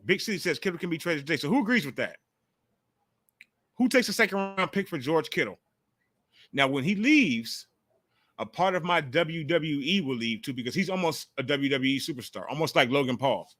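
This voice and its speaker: A man hosting a casual call-in sports talk livestream, talking in an animated, profane way on a close mic. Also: a little high, no room sound. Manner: animated, profane, jumps into mocking quotes. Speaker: call-in show host.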